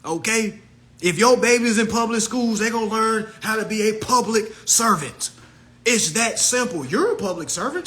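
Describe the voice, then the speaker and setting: A man hosts an animated, profane and preachy talk about law, and mimics others in shrill voices. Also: normal speed. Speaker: host. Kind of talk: livestream talk.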